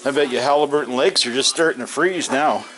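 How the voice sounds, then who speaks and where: Fast and mid-range, with a fairly bright tone, the voice comes through on poor audio. He's a homesteading vlogger from Northern Ontario with a Canadian Ontario accent, casually narrating as he works through chores and cooking in his garage and frosty farmyard, folksy and chatty.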